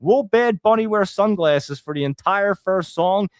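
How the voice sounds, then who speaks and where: Young male host, casual livestream chat, loose and rambling, talks straight to viewers, slightly high voice, dry close mic. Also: lively intonation, unhurried, no echo. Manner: rambling, thinks aloud, addresses viewers as guys.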